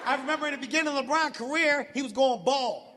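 High-pitched shouting stand-up comedian. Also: male voice, fast talker. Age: 40s. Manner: loud, profane, swooping pitch, shouts punchlines. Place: large arena stage. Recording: big hall with crowd and laughter.

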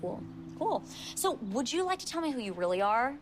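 A young actress playing a sharp, sardonic teenage girl who makes dry comebacks with little laughs. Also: sits high, very animated, a little fast, over music. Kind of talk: TV drama acting.

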